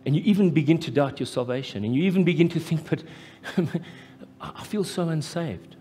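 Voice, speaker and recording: A man with a South African accent preaching a live sermon as pastor, impassioned and rising to loud, emphatic peaks. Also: on the high side, fast. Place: church hall, live. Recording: echoey church hall with faint music.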